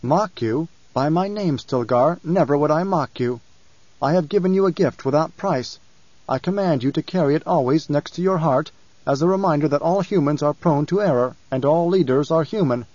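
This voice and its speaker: A man voicing a young god-emperor, calm and imperious, speaking in a measured, commanding way. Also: on the high side, no echo, lo-fi sound, lightly acted.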